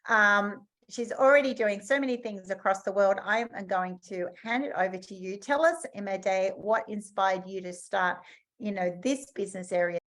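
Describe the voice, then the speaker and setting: A woman hosting an online business summit over a video call, effusive and quick to laugh. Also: mid-range voice, a bit bright. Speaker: summit host.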